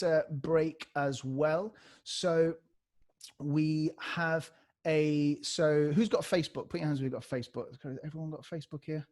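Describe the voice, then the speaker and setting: Energetic man leading a beatbox class. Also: fairly high pitch. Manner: energetic, demonstrates vocal scratch sounds. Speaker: beatbox workshop leader. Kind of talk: live online workshop teaching. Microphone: video call.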